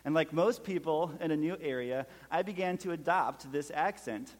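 Minnesotan guy preaching, jokey storyteller, kinda high voice, big church reverb. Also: moderate pace. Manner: storytelling with jokes, frequent "okay?" check-ins. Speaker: pastor. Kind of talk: sermon.

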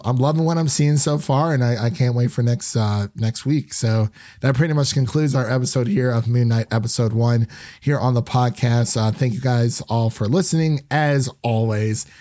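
A man's voice: mid-range voice, warm tone, dry recording, studio quality. A young man hosting a casual review podcast, rambling with lots of fillers. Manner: rambling, heavy use of fillers like "um" and "you know". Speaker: podcast host.

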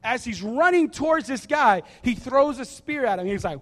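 A man preaching a sermon, joking and acting out a story in a casual, animated way. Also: extremely high pitch, normal speed. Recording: reverberant hall.

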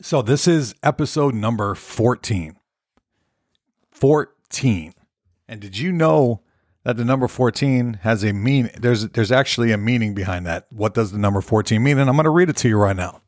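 A man's voice: medium pitch, a little fast, no room sound, studio quality. A man hosting his own podcast, rambling casually and cursing, often repeating himself as he goes. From United States. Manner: rambling, profane, repeats words. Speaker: podcast host.

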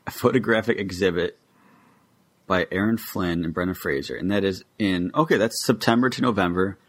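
A man's voice: low voice, a little fast. A young adult man co-hosting a podcast, chatting with opinionated, eager enthusiasm. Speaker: podcast co-host. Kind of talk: casual podcast chat.

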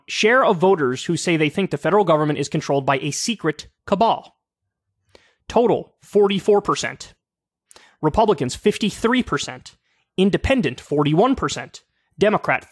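Male host, 30s, higher-pitched, sarcastic and casual, close dry mic. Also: dry recording. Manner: casual, profane, sarcastic, lots of fillers. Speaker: political commentary show host. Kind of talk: casual solo political commentary.

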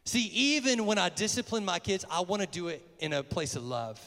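High-voiced man preaching in a church hall. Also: very animated, brisk, pushed and bright. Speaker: speaker at church. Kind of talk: sermon. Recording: long reverb of a church hall.

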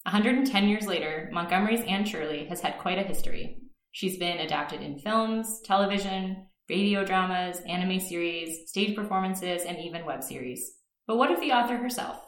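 A woman's voice: lowish voice, expressive, moderate pace, reverberant. A Canadian woman hosting a podcast, chatting casually and reading an enthusiastic scripted intro. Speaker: podcast host.

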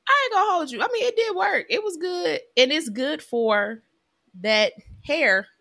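A woman, chatting casually as a podcast co-host and telling animated stories. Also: sits high, moderate pace, dry recording, clean studio sound. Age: 30s. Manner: chatty and animated, with lively storytelling. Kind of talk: casual chat.

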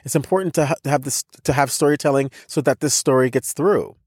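A man's voice: medium pitch, quick pace, a little mellow, breathy edge, no echo, studio quality. A man with an American accent, a podcast co-host telling a personal story in casual conversation, emphatic, with many restarts and repeated words. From United States.

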